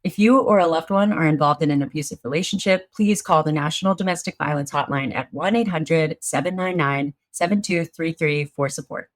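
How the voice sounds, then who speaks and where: A woman reading a scripted legal disclaimer in a measured, formal manner. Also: low-pitched, no echo.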